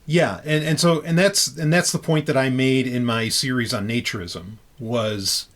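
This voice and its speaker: A man's voice: medium pitch, normal speed, fairly bright tone. A man hosting a podcast in loose, casual chat, talking freely with frequent restarts and casual swearing. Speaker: podcast host.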